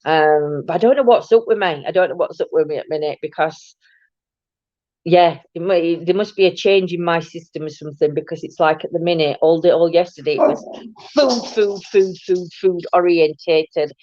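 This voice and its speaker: A woman's voice: low voice, fairly quick, dark tone, dry recording, highs cut off. A woman hosting a casual live morning chat from her home, rambling on and greeting viewers by name. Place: at home, indoors.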